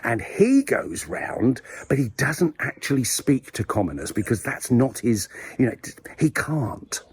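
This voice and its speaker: A man's voice: mid-range voice, very animated, a little slow, a little hiss or hum. A man hosting his own video blog, rambling through a satirical, mock-serious monologue with playful asides, outdoors in a village graveyard. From England. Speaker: video blogger host.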